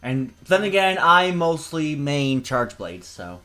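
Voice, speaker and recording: A man's voice: fairly high pitch, very animated, takes it slowly, sharp tone. A young man playing in a tabletop game, chatting casually and eagerly arguing his points with the group. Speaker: player.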